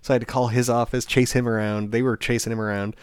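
A man co-hosting a casual chat, telling an animated story and acting out other people's lines with laughs. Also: mid-range voice, quick pace, smooth, no room sound, studio quality. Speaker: podcast co-host.

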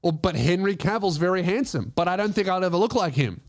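A man's voice: high voice, animated, quick pace, no echo, clean studio sound. An Australian man hosting a comedy podcast, telling stories casually, swearing often and laughing through them. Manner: profane, laughing through his own stories.

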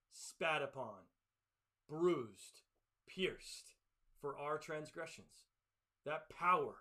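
A man preaching a sermon to his church, swinging from loud, urgent passages to hushed, tender ones. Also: on the high side. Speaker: pastor.

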